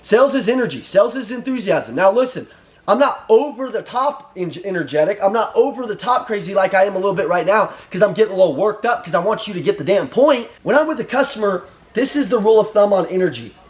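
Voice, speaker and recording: High-pitched, punchy male sales coach. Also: animated, fast. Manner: intense, punchy, repeats short commands; profane and blunt. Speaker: sales trainer. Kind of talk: motivational sales pep talk.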